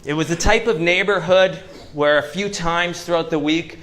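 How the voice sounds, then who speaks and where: A Canadian man giving an inspirational talk to a live audience, telling stories with slow, dramatic pauses. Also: fairly high pitch, a bit bright. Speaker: motivational speaker. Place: event venue before a live audience.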